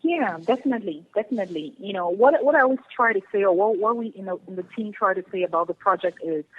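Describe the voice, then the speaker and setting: A woman's voice: mid-range voice, slightly rough. Earnest woman on a tinny phone line. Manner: earnest, passionate, repeats key phrases. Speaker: guest. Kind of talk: phone interview. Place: home in Germany.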